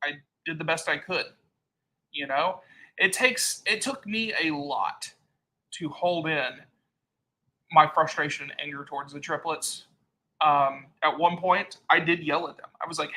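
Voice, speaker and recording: A man with a higher-than-usual voice and a bright, forceful tone. He hosts a casual live-stream chat and tells a heated story, now and then acting out the people he quotes. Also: moderate pace, rough recording. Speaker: channel host.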